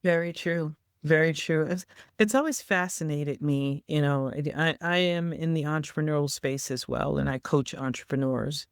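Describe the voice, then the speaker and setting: A man with a fairly high voice hosts an interview, chatty and enthusiastic as he sets up each topic. He gets animated when paraphrasing others. The sound is dry and close. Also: moderate pace, smooth, no echo. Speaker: host and entrepreneur coach. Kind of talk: interview hosting.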